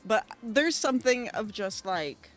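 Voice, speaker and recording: A woman streaming a video game, rambling excitably with lots of fillers into a desk microphone at her computer. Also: a little high, a little slow, soft background music. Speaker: gaming streamer. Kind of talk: casual let's-play commentary. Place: at home at a computer.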